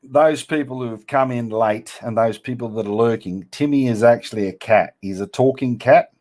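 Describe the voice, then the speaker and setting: With a medium-pitched, darkish voice at normal speed, a livestream host keeps things casual. He reads comments from his viewers aloud and teases them bluntly in slang-filled banter.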